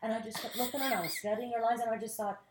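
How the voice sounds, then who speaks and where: A woman actress as an interview guest, telling lively stories about her career and acting out the people in them. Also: a little high, rapid-fire, roomy sound, background noise. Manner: animated storyteller, acts out quotes. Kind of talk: casual interview storytelling.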